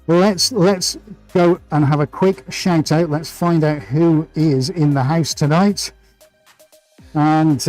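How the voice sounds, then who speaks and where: A man's voice: on the high side, mellow, low-quality recording. A man hosting a live painting stream, chatting enthusiastically and playfully as he greets viewers. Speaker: livestream host and painter.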